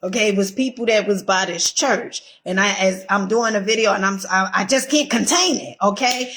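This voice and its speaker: A woman's voice: mid-range voice, normal speed, few pauses, fairly bright tone. A woman giving a casual motivational pep talk, emphatic and repetitive, swearing freely and checking in with "okay?". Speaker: motivational vlogger.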